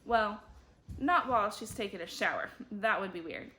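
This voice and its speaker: A woman reading a children's chapter book aloud, lively, with big jumps in her voice as she voices the children and teachers. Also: medium pitch, moderate pace. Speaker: book club reader.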